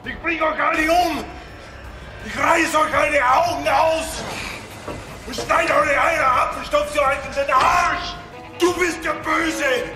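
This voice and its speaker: A man's voice: very high voice, takes it slowly. An actor playing a furious, half-mad male prisoner who bellows threats in a film scene. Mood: raging. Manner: bellowing threats, then hushed preaching. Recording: echoey film audio with music.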